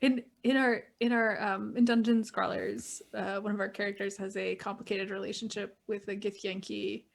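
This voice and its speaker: A woman's voice: medium pitch, little pitch movement, moderate pace, vocal fry, hardly any pauses. A woman guest in a casual panel chat, wry and matter-of-fact. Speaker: guest writer.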